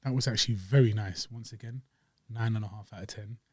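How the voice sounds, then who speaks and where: A man's voice: lowish voice, quick pace, breathy edge, no room sound, clean studio sound. A man co-hosting a podcast, joking in slangy casual chat. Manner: slangy, jokey, animated. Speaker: podcast co-host.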